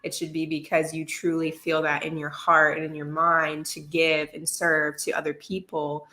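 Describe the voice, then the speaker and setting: A woman's voice: low voice, monotone, normal speed, sharp tone. A woman co-hosting a casual chat, adding short remarks and thoughtful comments. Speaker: podcast co-host.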